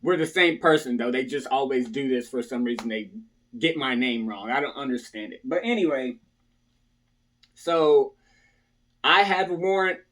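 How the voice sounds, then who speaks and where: A man's voice: medium pitch, moderate pace, pauses often, a bit bright. A man casually telling viewers a story from his past, often asking "right?" and acting out other people's lines. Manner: talks to viewers, repeatedly tags lines with "right?".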